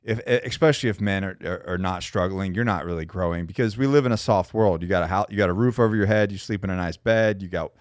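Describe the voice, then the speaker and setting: A man's voice: sits low, quick pace, few pauses, no echo, clean studio sound. A man hosting a podcast, speaking earnestly and restarting words as he builds a point. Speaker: podcast host. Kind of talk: podcast interview.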